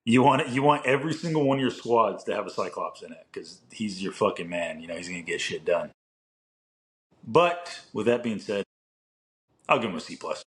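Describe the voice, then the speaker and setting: A man's voice: lowish voice, lively intonation, moderate pace. Rambling, swearing young man on a podcast. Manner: rambling, heavy on "like", swears casually. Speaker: podcast co-host. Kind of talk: casual chat.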